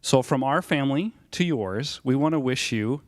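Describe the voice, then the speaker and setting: A young man introduces his family and shares their faith story. He speaks in a relaxed way and hesitates with fillers. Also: mid-range voice, normal speed, a loud crowd. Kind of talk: casual family testimony.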